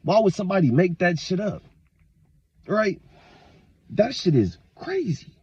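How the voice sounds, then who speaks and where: Man, vlog monologue, fairly high husky voice, dull lo-fi sound, profane rambling rant. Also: big pitch swings, a little slow, no echo. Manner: profane, rambling rant with sudden loud bursts. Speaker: vlogger. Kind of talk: casual monologue to camera.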